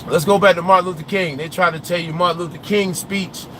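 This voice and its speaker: A young male trucker livestreams from his truck cab, reacting to viewer comments in loose, rambling talk. His voice sits a little high and comes out forceful and bright, with a faint hum of background noise around him. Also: steady tone, fast talker. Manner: rambling and opinionated, loses his train of thought. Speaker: trucker vlogger. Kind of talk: casual livestream chat, answering viewer comments.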